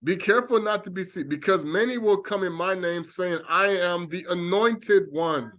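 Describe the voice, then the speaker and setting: A man with a notably high voice preaches in a long monologue. He talks animatedly and breaks into acted-out exclamations to make his point. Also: normal speed, muffled recording. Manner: animated, acts out reactions in exclamations. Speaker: religious teacher.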